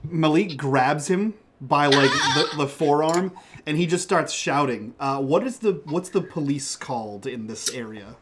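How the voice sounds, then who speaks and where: A man's voice: fairly high pitch, unhurried, a bit bright, a little hiss or hum. A man playing his character in a tabletop role-playing game, questioning and bargaining. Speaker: player.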